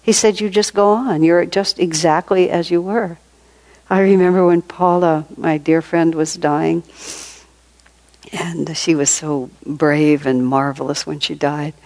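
A woman's voice: sits low, steady tone, measured pace, a little mellow, low-quality recording. An older woman giving an informal spiritual talk, telling stories in a conversational way and laughing often. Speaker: spiritual teacher.

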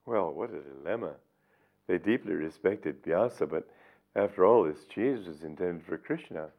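Older man, low voice, tinny recording. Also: lively intonation, normal speed. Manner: storytelling, reflective. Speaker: spiritual teacher. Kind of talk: reading and commenting on his book.

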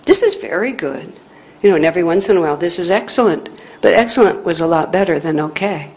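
A woman teacher telling a personal spiritual story in an earnest, reflective way, growing animated when she quotes others. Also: lowish voice, fast talker, poor audio. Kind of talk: storytelling talk.

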